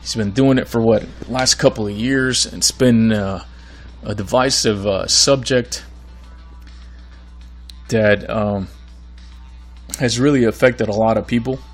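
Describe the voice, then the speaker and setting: Hoarse man hosting a solo podcast. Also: lowish voice, slow pace, pauses often, soft background music. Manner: rambling, earnest, many fillers and restarts. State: losing his voice. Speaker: podcast host. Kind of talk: casual solo podcast monologue.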